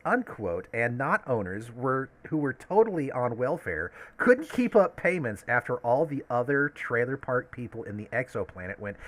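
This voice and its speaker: Lively, bright-voiced male game master. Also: medium pitch, normal speed, hardly any pauses. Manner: lively, laughs often while narrating. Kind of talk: running a tabletop game.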